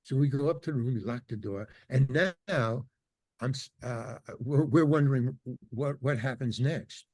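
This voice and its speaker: A man's voice: mid-range voice, normal speed, darkish tone, breathy edge, dry recording. An older man, a podcast guest, telling a long anecdote in casual talk and acting out other people's lines. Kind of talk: casual storytelling interview.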